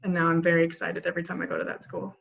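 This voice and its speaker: A woman's voice: fairly low pitch, completely flat delivery, rapid-fire, vocal fry, muffled recording. A woman in a casual group discussion who answers hesitantly, thinking aloud with fillers.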